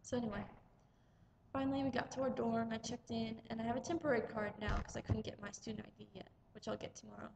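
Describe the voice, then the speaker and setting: A young woman from the United States chats her way through a long vlog story, stringing events together with "and then" and "I was like". Her voice sits a little high with a gravelly, fry-tinged edge. Faint noise hums under the recording. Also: steady tone, fast talker. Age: young adult. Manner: chatty, rambling, lots of "like". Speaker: vlogger. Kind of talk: casual travel vlog storytelling.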